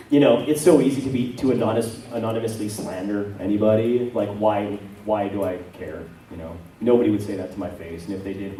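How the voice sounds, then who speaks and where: A man's voice: fairly low pitch, dark tone. A Canadian man, a voice actor, talking casually and self-deprecatingly at a convention panel. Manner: chatty, self-deprecating, rambling with many asides. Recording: echoey hall, from far off.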